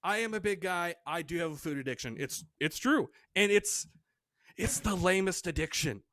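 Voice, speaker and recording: A man doing stand-up comedy from home, with a high, bright voice that rises and falls in a lively way as he acts out the people in his stories. He sounds close and dry on his computer mic. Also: normal speed, no echo. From Michigan, USA. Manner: animated, self-deprecating, acts out quoted voices. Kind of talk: stand-up set over video call. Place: home room.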